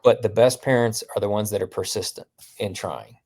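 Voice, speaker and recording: A middle-aged man, a guest, telling family stories in casual conversation, halting and restarting often. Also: fairly low pitch, fairly even intonation, darkish tone. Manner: storytelling, halting with restarts, quotes his family.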